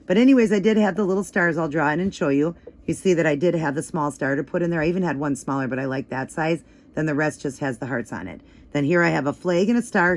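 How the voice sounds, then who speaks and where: A woman walks through a nail art tutorial in a casual, chatty way, with plenty of fillers. Her voice is a little hoarse and crackly. She talks at an easygoing, relaxed pace. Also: low-pitched. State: slightly hoarse, voice still crackly.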